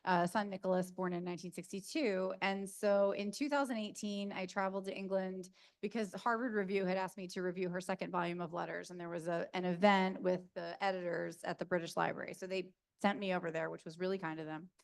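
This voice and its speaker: Middle-aged south jersey lady answering questions at a reading, low gravelly voice, chatty and full of ums. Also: steady tone, a little fast. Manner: chatty storyteller, laughs often, many fillers. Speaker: author answering audience questions. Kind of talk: casual Q&A talk. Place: university event room. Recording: Zoom capture of a room talk.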